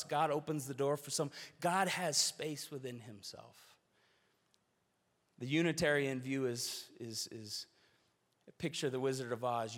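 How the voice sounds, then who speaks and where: A man's voice: medium pitch, fairly bright tone. A man preaching a sermon, earnest and storytelling, with shifting emphasis. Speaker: pastor. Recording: long hall reverb.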